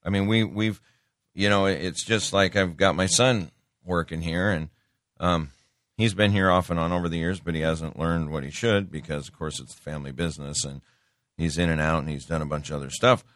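Plainspoken middle-aged male talk host, preachy and opinionated; low voice, dry booth sound. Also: steady tone, moderate pace, a bit bright, no room sound. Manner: folksy, plainspoken, calls listeners folks; preachy, quotes scripture. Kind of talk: opinionated political commentary.

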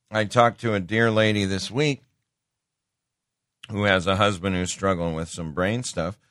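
Folksy low-voiced middle-aged man. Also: fairly bright tone, no echo, studio quality. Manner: folksy, plainspoken, calls listeners folks; preachy, quotes scripture. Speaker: talk show host. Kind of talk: opinionated political commentary.

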